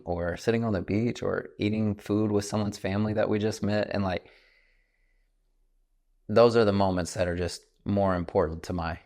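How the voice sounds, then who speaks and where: A man's voice: fairly low pitch, steady tone, normal speed, a little mellow. A man in his thirties, a podcast host chatting casually, telling stories in an earnest, reflective way. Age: 30s. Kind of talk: casual conversation.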